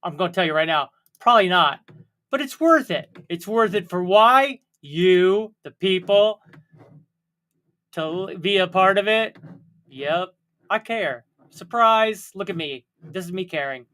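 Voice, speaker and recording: A man's voice: high voice, lively intonation, measured pace, pushed and bright. A young man hosting a casual solo livestream, rambling with jokey, self-mocking asides. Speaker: livestream host.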